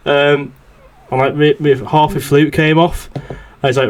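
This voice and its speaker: A man's voice: a little high, fairly even intonation, normal speed. A young man on a podcast, telling a rambling, swear-filled story in casual chat. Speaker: podcast host.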